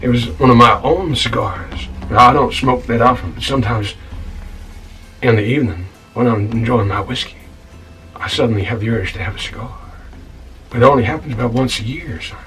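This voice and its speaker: An actor playing a self-righteous scoundrel tavern keeper in a comedy web series, telling an indignant, stammering monologue and calling the listener son. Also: male voice, mid-range voice, brisk, fairly bright tone, distant mic, close to an everyday voice, poor audio. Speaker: title character of a comedy-drama web series. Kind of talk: comic monologue. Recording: voice a bit off-mic, with music behind.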